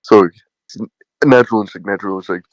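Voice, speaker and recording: Man putting on a booming Jamaican-accented alter, low-voiced, half-joking banter, dull dry lo-fi audio. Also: quick pace, dry recording, lightly acted. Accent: Jamaican, put on.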